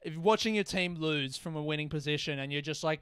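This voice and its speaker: A young man talks through a casual solo podcast, wandering off track, swearing freely and mocking himself. His voice sits a little high and comes across smooth and clear. The sound is close and dry, with no room around it. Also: fast talker, few pauses, a bit bright, dry recording. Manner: rambling, self-deprecating, swears often. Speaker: podcast host.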